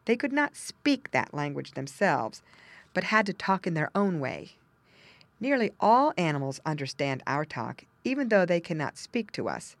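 A woman narrating a children's storybook, with gentle asides explaining things to young listeners. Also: deep voice, dry recording. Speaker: audiobook narrator.

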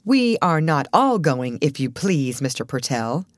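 A woman's voice: deep voice, very animated, a little slow, dry recording, studio quality. A woman voicing a stingy, grouchy middle-aged male actor who complains and sneers at everything. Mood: grumbling.

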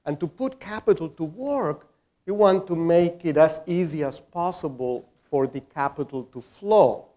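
A man's voice: on the high side, expressive, a little slow, dark tone. A man speaking as a panelist in a discussion, explaining his point with everyday examples.

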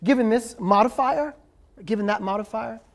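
A man's voice: high voice, normal speed, vocal fry. An emphatic male professor delivers a lecture to a live audience, pressing his points and fielding questions. He keeps checking in with his listeners, tagging his points with a questioning "right?".

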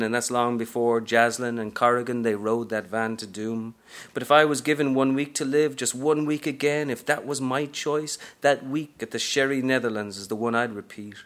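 A man's voice: medium pitch, fairly bright tone, natural voice. A man reading aloud from a novel, narrating as a brash, streetwise aging woman hustler in a sassy first-person style.

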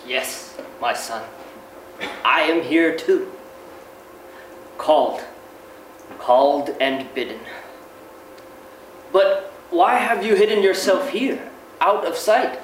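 A man reading the part of a gentle, loving old monk elder in a slow, tender, solemn way. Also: fairly high pitch, slight background noise. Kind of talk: dramatic reading. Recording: echoey room, mic far off.

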